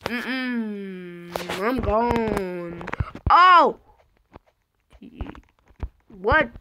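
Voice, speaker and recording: A woman playing an online game, slightly hoarse from being sick, excitedly calling out what happens on screen. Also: mid-range voice, slow pace, noisy background. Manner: excitable, shouting out reactions to the game. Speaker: gamer.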